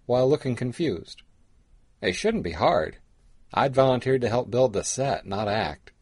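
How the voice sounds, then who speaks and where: A man reading a first-person short story in a measured way. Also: mid-range voice, lively intonation, a little mellow, slightly rough, no room sound. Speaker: story reader.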